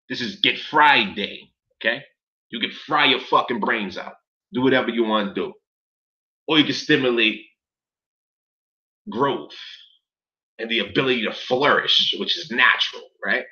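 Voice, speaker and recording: A man, talking casually in a profane, animated vlog, jumping from low muttering to excited shouts while reading from a website. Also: muffled recording. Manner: profane, street slang. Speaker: vlogger.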